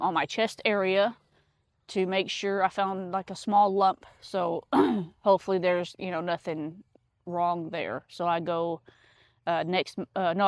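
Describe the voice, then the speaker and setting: A woman's voice: fairly low pitch, no room sound. Chatty woman vlogging in a garden. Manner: rambling, many fillers. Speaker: homesteader vlogger. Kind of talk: casual chat. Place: outdoors in a garden.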